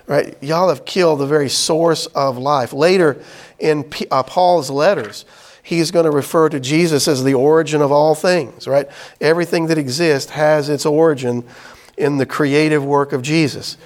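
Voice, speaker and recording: A man's voice: on the high side, fairly even intonation. Man teaching scripture. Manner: conversational, explains with "right?" and "y'all", reads scripture aloud slowly. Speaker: Bible study teacher. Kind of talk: Bible class teaching.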